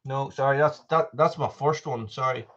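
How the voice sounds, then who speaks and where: A man's voice: mid-range voice, normal speed, a bit bright. An Irish man in middle age chats loosely on a live stream at home, cutting himself off and saying hello to viewers. He sounds a little out of breath. The audio comes through dull and muffled. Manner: rambling, self-interrupting, greeting viewers. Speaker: livestream host. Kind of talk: casual live chat. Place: family home.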